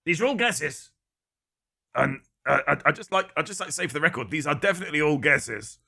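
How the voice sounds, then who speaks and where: A man hosting a live-stream guessing game, reading out viewers' guesses one by one with dry, deadpan jokes. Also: fairly high pitch, brisk, gravelly. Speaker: livestream quiz host.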